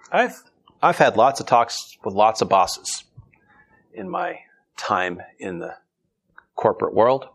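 A man's voice: fairly low pitch, fairly bright tone. A middle-aged man preaching a sermon in a conversational, humorous way. He reads scripture aloud and then explains it.

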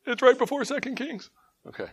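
A man's voice: extremely high pitch, brisk, breathy edge. A man with a Southern US accent, teaching a casual Bible study, joking and laughing at himself between scripture readings.

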